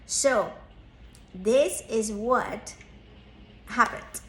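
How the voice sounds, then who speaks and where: A woman's voice: a little high, drawn-out words, fairly bright tone, echoey room, a little hiss or hum. A woman in her thirties, a therapist and parenting coach, telling a personal story in an earnest, reflective way, lifting her voice when she acts out quoted lines.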